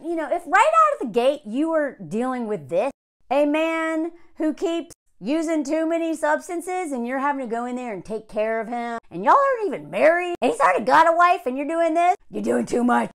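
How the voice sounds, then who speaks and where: A woman's voice: high voice, animated, moderate pace, fairly bright tone. A woman giving a blunt, sarcastic movie review in a casual vlog, sometimes mimicking the characters. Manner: mocking impressions of characters.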